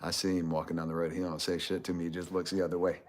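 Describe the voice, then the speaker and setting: A man's voice: deep voice, little pitch movement, racing, a little hiss or hum. A middle-aged man telling a profane, swaggering story on a livestream, speaking into a phone held at arm's length out in a yard. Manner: profane, swaggering, laughs between lines. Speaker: vlogger hosting a giveaway livestream. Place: outdoors in a yard.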